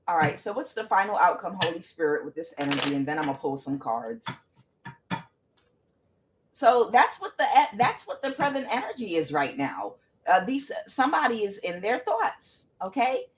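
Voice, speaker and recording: A woman giving a casual tarot reading to camera, emphatic and exclaiming, talking straight to her viewers. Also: mid-range voice. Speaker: tarot reader.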